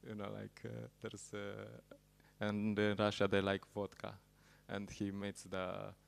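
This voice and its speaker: A man giving a sermon at a temple program, telling stories in a halting way and laughing at his own jokes. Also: fairly low pitch, monotone, vocal fry.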